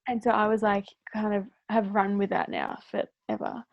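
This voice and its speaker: A woman chats through her stories with a gravelly, fry-tinged voice and a lot of "like". The sound is dry, with little room around it. The recording is slightly dull and lo-fi. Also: medium pitch, very animated, normal speed, no echo. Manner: chatty, fills speech with "like", acts out quoted dialogue. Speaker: podcast guest. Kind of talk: casual storytelling chat.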